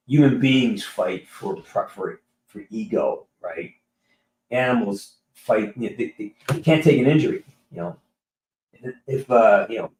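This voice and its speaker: A man chatting casually with his live-stream audience, telling a rambling, animated story with many restarts. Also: mid-range voice. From California. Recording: roomy echo.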